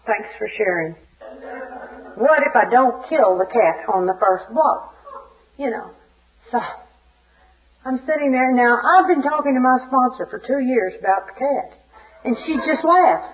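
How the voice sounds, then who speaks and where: Animated woman telling a comic story. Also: high voice, measured pace, pauses often. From Little Rock, Arkansas. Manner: animated, comic storyteller who acts out scenes. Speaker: speaker at a recovery fellowship meeting. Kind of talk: humorous personal storytelling share. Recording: dull lo-fi archive tape.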